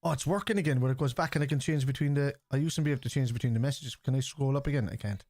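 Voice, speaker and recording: A man's voice: medium pitch, very fast, no echo, studio quality. A middle-aged man with a chatty manner, streaming a football watchalong, reacting to play and reading out chat messages. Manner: chatty, reads out chat messages, excitable at match moments. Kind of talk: casual live-stream chat and match reactions.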